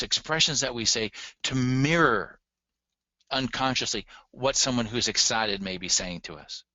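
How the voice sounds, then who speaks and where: A man lectures earnestly, speaking straight to his listeners with firm emphasis. His voice is bright and forceful but sits a little low. The recording is dry and slightly dull. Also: no room sound. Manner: earnest, emphatic, addresses audience directly. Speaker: relationship communication instructor.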